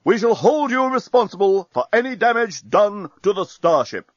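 A man reading aloud and voicing a booming, menacing enemy commander over a loudspeaker in a storybook. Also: very animated, no echo, lo-fi sound. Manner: slow, loud and commanding.

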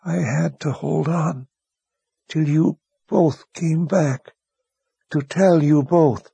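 A man playing a dying young wizard, breathy whisper, soft and slow, raised pitch, audiobook. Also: no echo, exaggerated voice. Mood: faint, tender. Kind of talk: audiobook character voice.

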